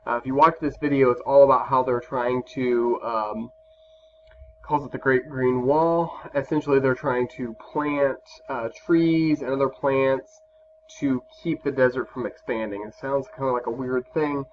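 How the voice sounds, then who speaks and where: A man's voice: medium pitch, fairly even intonation, measured pace. A male teacher giving a recorded classroom lesson over slides, talking casually with many fillers and restarts. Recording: slightly dull lo-fi recording with faint background hum.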